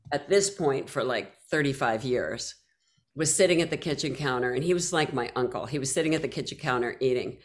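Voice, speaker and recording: Woman guest, low voice, animated storyteller, video call from home. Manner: animated storyteller, acts out her own past reactions. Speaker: guest, author. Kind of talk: conversational interview. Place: home, by a mantelpiece.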